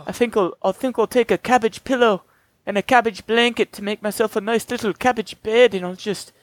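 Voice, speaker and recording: A man's voice: high voice, fairly even intonation, a little fast, dry recording, pitched above the performer's own voice, natural voice. A man voicing a sleepy, folksy male cabbage farmer with a put-on brogue. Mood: cozy.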